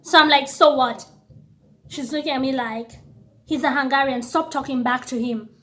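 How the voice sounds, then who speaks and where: A woman vlogger casually telling a story, animated and acting out the dialogue herself. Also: high voice, moderate pace. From lives in Austria. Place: indoors near a street parade.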